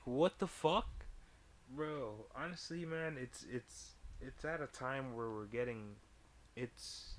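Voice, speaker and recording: A man's voice: mid-range voice, a bit bright, a little hiss or hum. A man co-hosting a podcast in casual chat, heated and rambling, restarting his sentences. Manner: heated, rambling, frequent restarts and "you feel me". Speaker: podcast co-host.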